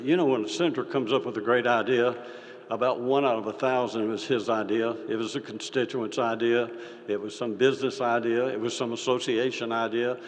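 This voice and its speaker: Folksy older man in a hall. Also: medium pitch. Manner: folksy, halting, many fillers and restarts. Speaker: state senator giving a speech. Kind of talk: folksy speech with a told story. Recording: reverberant hall.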